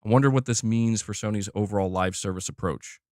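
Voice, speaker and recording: A man's voice: on the low side, brisk, a little mellow, no echo, clean studio sound. A man giving blunt, opinionated commentary on gaming news, emphatic and repeating himself as he pushes his point.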